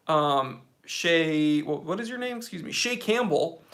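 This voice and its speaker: A man's voice: high voice, animated, a little slow, few pauses, fairly bright tone. A man hosting a casual live question-and-answer stream about watches, chatty and rambling with frequent fillers. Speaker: watch channel host.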